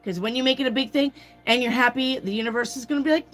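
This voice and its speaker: A woman's voice: on the high side, fast talker, fairly bright tone, faint music behind. A woman giving a casual live tarot reading, chatty and swearing freely as she calls out viewers by name. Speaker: tarot reader.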